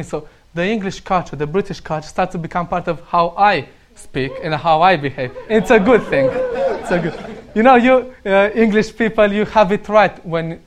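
A young man from Romania tells casual stories in English, his second language, with a Romanian accent. His voice sits high for a man, and he breaks into laughter often as he talks. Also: background noise. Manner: laughs often while telling anecdotes. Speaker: speaker sharing stories. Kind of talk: casual storytelling.

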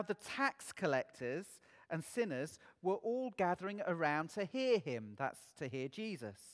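A man's voice: high voice, in a large hall. A man preaching a sermon in an earnest way, asking his listeners many rhetorical questions.

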